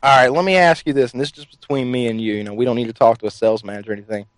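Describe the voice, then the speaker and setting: A man hosting a show, making a prank phone call in a sly, deadpan, teasing manner. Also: mid-range voice, very fast, no echo.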